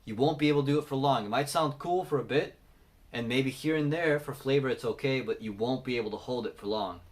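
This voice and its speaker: A man teaching singing, talking through techniques and breaking into loud sung demonstrations. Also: mid-range voice, fast. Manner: explains then belts sung examples. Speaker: vocal coach.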